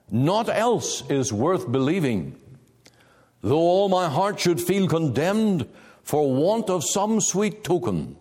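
A male preacher delivering a sermon in a large, reverberant hall. His voice sits a little high and swings widely in pitch, climbing to loud emphatic peaks and then sinking low. He speaks very slowly and deliberately.

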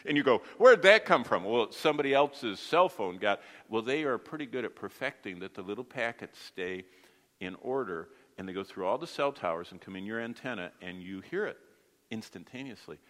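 Bible teacher, man, lowish voice, asks the class questions, long reverb of a hall. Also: moderate pace, fairly bright tone. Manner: explains with everyday comparisons, asks the class questions. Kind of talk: Bible study lesson.

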